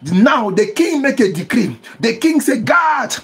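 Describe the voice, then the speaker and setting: A man's voice: very high-pitched, very animated, measured pace, vocal fry, slightly rough. A male pastor preaching with fervor, calling for responses from listeners and breaking into bursts of tongues. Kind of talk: impassioned sermon with speaking in tongues.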